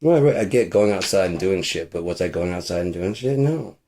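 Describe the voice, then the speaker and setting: Man host, low-pitched, swears constantly, rambles sarcastically through an off-the-cuff rant. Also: expressive, brisk, warm tone. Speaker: podcast host. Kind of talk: casual profane rant.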